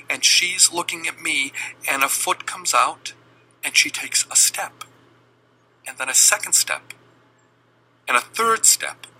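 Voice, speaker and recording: Brief: middle-aged man telling a family story, unhurried, crisp bright tone. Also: a little high, rough recording. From Boston. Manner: deliberate, dramatic pauses. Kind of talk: personal storytelling.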